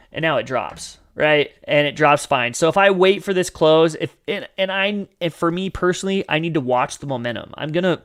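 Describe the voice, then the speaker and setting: A man's voice: a little high, a bit bright. Chatty man teaching on a livestream. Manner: chatty, frequent fillers and "you guys", acts out panicked traders. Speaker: livestream host teaching trading. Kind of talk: casual live Q&A teaching.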